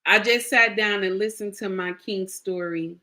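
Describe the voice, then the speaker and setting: A woman's voice: medium pitch, fairly even intonation, normal speed, pushed and bright. A middle-aged woman telling viewers a personal story in a casual, emphatic way, repeating phrases and speaking to them directly. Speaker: vlogger sharing a personal story.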